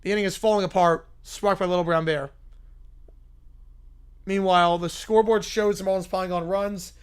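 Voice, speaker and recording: A man hosting a live stream who reads out stories and reacts with excitement and laughter. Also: high-pitched, normal speed, clear, resonant tone. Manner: animated, laughing. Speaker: streamer host.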